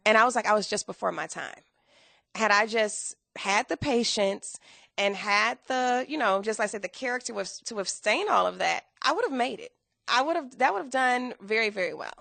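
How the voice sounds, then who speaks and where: A woman in her thirties, a guest telling her story in a casual interview, animated and acting out quoted dialogue. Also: fairly high pitch, normal speed, creaky, no room sound.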